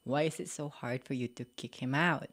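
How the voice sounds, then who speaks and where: A woman's voice: very deep voice, fairly quick. A young woman from the Philippines with a Filipino accent, speaking candidly as a podcast guest and often saying "like, you know". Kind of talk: casual interview conversation.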